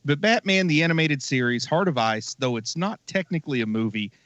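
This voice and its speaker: Man, podcast co-host, wry and opinionated, animated voice, dull lo-fi sound. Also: fairly high pitch, brisk, dry recording. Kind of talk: casual podcast chat. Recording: slightly dull lo-fi audio.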